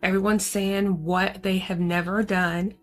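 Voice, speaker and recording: A woman's voice: medium pitch, flat delivery, measured pace, soft background music. A woman with a mid-range voice gives a casual spoken movie recap as host. She is chatty and slangy and addresses her viewers directly.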